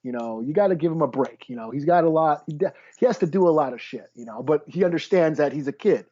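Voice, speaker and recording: A man with a somewhat high, mellow voice talks through a comic he liked in a slow, laid-back way, stumbling over the first words of each sentence. His sound comes through dull and lo-fi. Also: animated. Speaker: podcast co-host. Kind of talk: casual comic book review chat.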